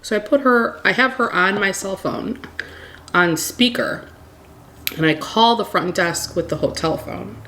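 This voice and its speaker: A woman casually telling a storytime tale to her viewers, animated and acting out what people said. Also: medium pitch, unhurried. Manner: animated retelling, acting out quoted dialogue.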